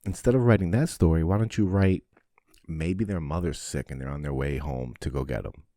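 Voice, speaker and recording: A man hosting a podcast, giving a casual, animated monologue full of swearing. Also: extremely low pitch, a little fast, no echo, studio quality. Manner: swears often, animated and preachy. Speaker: podcast host.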